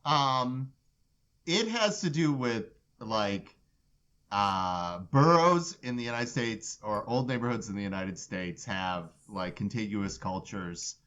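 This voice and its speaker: A man's voice: lowish voice, expressive, takes it slowly, fairly bright tone, clean tone, highs cut off. A man as a podcast guest in casual chat, laid-back and explaining things with many fillers, recorded in a roomy space. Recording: roomy, mic far off.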